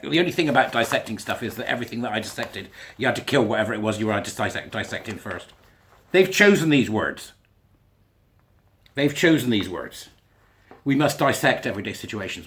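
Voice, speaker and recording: A man's voice: fairly low pitch, a bit bright. A man giving a sarcastic, sweary commentary as he reads passages aloud and mocks them. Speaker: commentator reading and rebutting a school policy. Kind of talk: ranting commentary.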